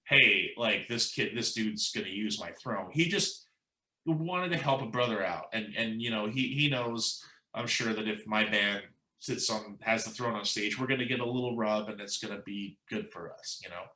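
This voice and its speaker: A man's voice: lowish voice, moderate pace, reverberant, low-quality recording. A man guest in a casual interview, telling an anecdote with lots of quoting and fillers. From United States. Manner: animated anecdote-telling, quoting others, says "like" and "you know" a lot. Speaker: musician guest.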